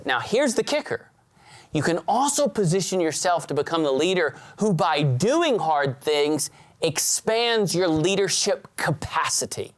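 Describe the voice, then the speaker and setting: A man giving a motivational talk to students, telling stories in a lively way with big swings in pitch. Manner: animated storyteller who swings his pitch widely and acts out scenes. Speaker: speaker at a student leadership event.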